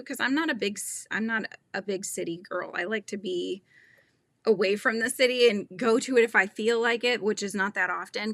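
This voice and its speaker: Female host, middle-aged, casual chat, laughs a lot, crisp tense tone, some vocal fry. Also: medium pitch, fairly bright tone, no echo. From Northern California. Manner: chatty, laughing often, reading out chat comments.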